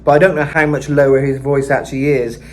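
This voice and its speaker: A man's voice: mid-range voice, level tone, fast, a little hiss or hum. A British man giving a casual vocal lesson, chatting and thinking aloud with lots of fillers. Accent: British English. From Britain. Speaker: vocal coach. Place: home in Mexico.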